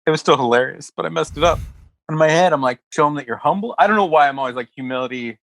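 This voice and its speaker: A man's voice: on the high side, racing, creaky, a bit bright, dry recording, rough recording. A man who is a comedian, telling rambling stories in a casual podcast chat and acting out quotes. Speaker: comedian guest. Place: West Hollywood.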